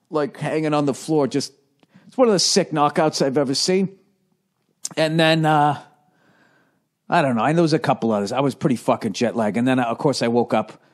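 A man, a comedian hosting a podcast, telling a story in a casual, rambling monologue full of swearing and restarts. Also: on the high side. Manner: profane, animated storytelling with many restarts.

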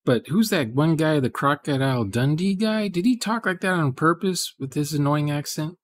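A man's voice: a little high, expressive, normal speed. A man, casually chatting with viewers during a live programming stream, rambling and thinking aloud.

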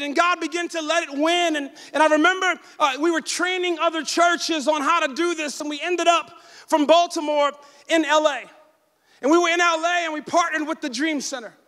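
A man in his forties delivers a sermon in a very high, bright voice, rising to shouts and calling out for the congregation to answer. A long reverb from the church hall trails behind every line. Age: 40s. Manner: shouting, call-and-response preaching. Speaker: pastor. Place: church sanctuary.

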